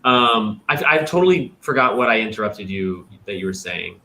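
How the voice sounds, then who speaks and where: A young man hosting a livestream, chatting casually and explaining his ideas with lively vocal demonstrations. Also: on the low side, normal speed. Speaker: host.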